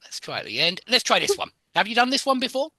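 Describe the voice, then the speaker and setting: A man's voice: extremely high pitch, wildly swooping pitch, fast, bright, forceful tone, dry recording. A man teaching an English lesson over a video call, correcting and encouraging his students and explaining word stress. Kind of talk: online live English lesson.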